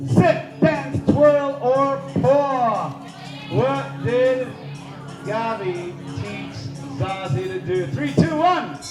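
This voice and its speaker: High-voiced man emceeing a party quiz. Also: drawn-out words. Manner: energetic, playful, shouts countdowns to the crowd. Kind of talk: lively live event hosting. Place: large indoor party hall. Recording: echoey hall with music and crowd.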